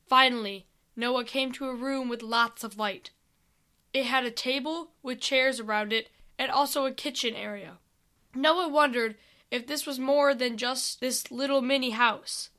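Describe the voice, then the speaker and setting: A woman reading an adventure story aloud, calm and unhurried. Her voice is high and bright, and she keeps an even storybook pace.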